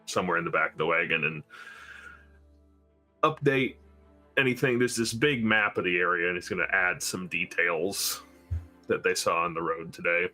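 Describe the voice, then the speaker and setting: A man playing a tabletop game, calmly describing his character's actions. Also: sits low, moderate pace, long pauses, soft background music. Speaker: player. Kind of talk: casual tabletop play.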